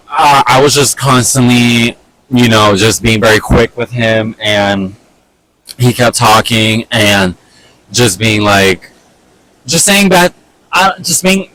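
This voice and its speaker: A young man casually telling a personal story on a vlog, animated and exasperated, with lots of fillers and swearing. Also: medium pitch, poor audio. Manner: animated, fed-up retelling full of fillers and swearing.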